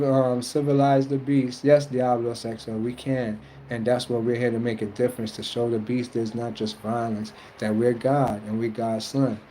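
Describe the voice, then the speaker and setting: Over poor audio with a little hiss or hum, a mellow-voiced man chats with his viewers about spiritual journeys. His talk is casual, earnest, and rambling, and he imitates others in high, mocking voices.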